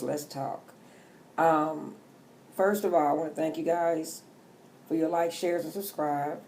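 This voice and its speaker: A woman's voice: sits low, a little slow, mellow, a little hiss or hum. A middle-aged woman doing a tarot-reading vlog from home, joking and chatty, talking loosely and with profanity. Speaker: tarot reader. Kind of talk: casual vlog chat.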